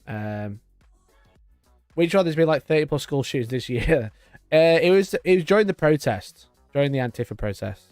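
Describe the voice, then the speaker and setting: A man's voice: a little high, animated, normal speed, darkish tone, no room sound, soft background music. A man in his twenties hosting a live stream, chatting in a rambling, sweary way and laughing often. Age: 20s. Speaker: livestream host. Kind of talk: casual live-stream chat.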